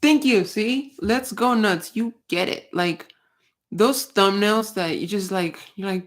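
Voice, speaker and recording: Gravelly-voiced woman ranting casually. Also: medium pitch, sing-song, a little slow. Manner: blunt, swears a lot, rambling with restarts. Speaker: livestream host.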